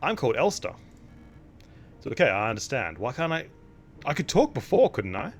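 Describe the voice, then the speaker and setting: A man reading the lines of a quiet, puzzled android woman in a game, soft and hesitant. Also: mid-range voice, huge pitch swings, normal speed, slight background noise. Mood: wistful.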